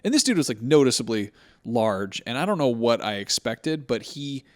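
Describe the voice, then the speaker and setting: Profane, animated male storyteller. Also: mid-range voice, normal speed. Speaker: podcast co-host. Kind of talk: casual chat.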